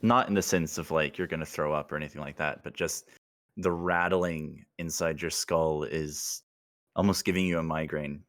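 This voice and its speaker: A man's voice: a bass voice, fairly even intonation, moderate pace, a bit bright. A man narrating a tabletop role-playing game as game master, with descriptive scene-setting and laughing asides.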